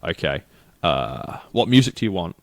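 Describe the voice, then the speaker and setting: A man's voice: low-pitched, very animated, moderate pace, dry recording, clean studio sound. A middle-aged New Zealand man chatting casually as a podcast co-host, rambling through a story and acting out the people in it. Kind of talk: casual chat.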